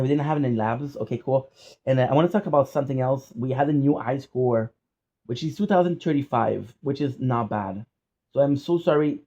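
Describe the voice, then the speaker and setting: A gaming streamer venting to his viewers in a casual vlog, a man who curses and says the same thing over and over. His voice is mellow and dark in tone. The recording is dull and lo-fi, as if made on a phone. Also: mid-range voice. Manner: frustrated, swearing, repeating himself.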